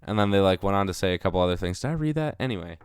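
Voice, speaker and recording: A young man chats on a podcast in a low, smooth voice that swoops up and down a lot. He rambles and hedges, leaning on "like" and letting sentences fade out quietly. The sound is dry and close. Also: animated, rapid-fire, dry recording. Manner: hesitant, rambling, full of "like", trailing off softly. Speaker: podcast co-host. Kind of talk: casual podcast chat.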